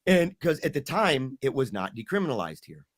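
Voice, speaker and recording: Animated man retelling a hard story. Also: medium pitch, moderate pace, dry recording, studio quality. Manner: animated, acts out quoted voices. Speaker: podcast guest. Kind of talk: emotional storytelling.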